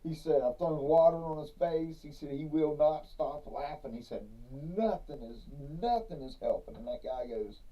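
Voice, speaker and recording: A man's voice: on the high side, normal speed, few pauses, warm tone. A man, co-hosting a podcast and telling a long joke in a laid-back way, chuckling between lines. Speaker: podcast co-host. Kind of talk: casual chat, telling a joke. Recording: distant mic, dull lo-fi sound.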